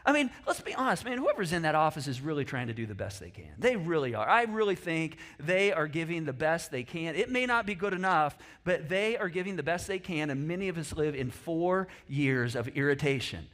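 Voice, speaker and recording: A man's voice: a little high, sing-song, brisk, few pauses, fairly bright tone. A middle-aged man from the United States preaching a sermon as pastor, earnest and conversational, asking the congregation questions and restarting his sentences.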